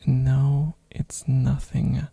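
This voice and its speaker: Slow, raspy, hoarse ASMR rambler with a throat infection, chatty and giggly, close on a binaural mic. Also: mid-range voice, little pitch movement, mellow, no echo. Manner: rambling, with frequent fillers and giggles. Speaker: ASMR streamer. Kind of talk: soft-spoken ASMR rambling.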